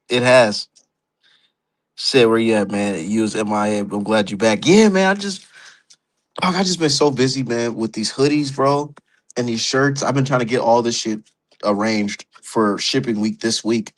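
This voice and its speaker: A man hosting a casual boxing livestream, talking loosely and profanely and laughing at his own jokes. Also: on the low side. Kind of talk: casual live-stream commentary.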